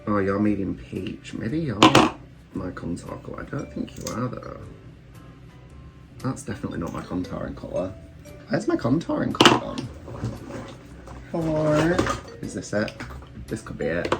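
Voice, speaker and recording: A man's voice: sits low, moderate pace, creaky, pauses often. A British man, a drag queen, chatting casually and self-deprecatingly while doing his makeup at home. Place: room at home. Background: faint background music.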